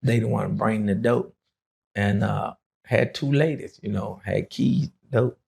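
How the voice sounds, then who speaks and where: A man's voice: fairly low pitch, a little slow, creaky, darkish tone, slightly rough. A middle-aged man from Dallas, telling his life story in a rambling, casual way with many fillers. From Dallas, Texas.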